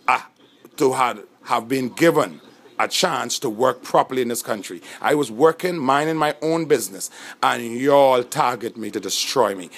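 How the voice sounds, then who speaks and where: A man's voice: mid-range voice, a bit bright. A man with a Bahamian accent giving an impassioned, rambling monologue, full of indignation and frequent restarts. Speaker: self-recorded speaker.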